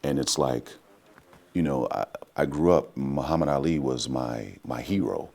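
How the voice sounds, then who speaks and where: A man's voice: very deep voice, measured pace, gravelly, a little mellow. A man who is an actor, guest in an interview, talking in a reflective, heartfelt way and often asking "you know?". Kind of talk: relaxed interview talk.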